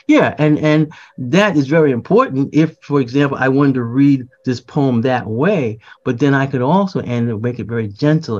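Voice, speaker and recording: An older man explains poetry in an unhurried, reflective manner, looping back on words as he thinks. His voice sits in a middle register. The recording sounds slightly muffled and lo-fi. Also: mid-range voice, expressive, a little mellow. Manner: reflective, repeats words, frequent fillers and restarts. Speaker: poet, podcast guest. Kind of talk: conversational explanation.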